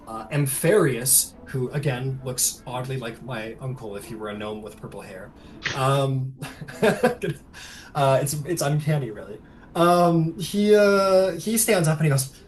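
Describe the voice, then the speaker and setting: A man runs a tabletop game in a low-key, rambling way, full of "like" and "um" as he paints each scene. His voice is mid-pitched and relaxed, with a faint hum of room ambience under it. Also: takes it slowly. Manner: rambling, filler-heavy, soft-spoken. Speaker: game master.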